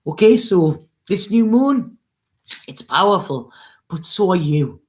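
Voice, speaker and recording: A woman's voice: on the low side, lively intonation, takes it slowly, darkish tone. A woman reads tarot in an earnest, coaxing way, and she sounds close to tears. She keeps checking in with her listeners and urges them on with feeling. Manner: earnest, coaxing, with frequent "okay?" and "you know". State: near tears, emotional. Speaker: tarot reader. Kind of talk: spiritual reading, casual monologue.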